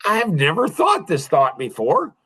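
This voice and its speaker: Middle-aged male podcast host, casual storyteller, slightly high and very animated pitch, chuckles often. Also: measured pace, slightly rough.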